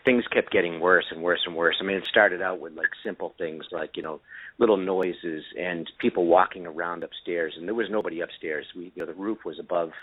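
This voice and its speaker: A man with a very low, deep voice tells a story on a call-in show. He rambles with lots of ums and restarts. It comes through a thin, tinny phone line. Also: steady tone, fairly quick, breathy edge. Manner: rambling, many fillers and restarts. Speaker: guest inventor of camera glasses.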